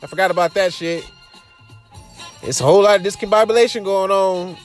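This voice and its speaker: A man's voice: sits high, a little fast, faint music behind. A young man with an African American Vernacular English accent, hosting a show in loose, profane casual commentary with laughing asides. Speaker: podcast host.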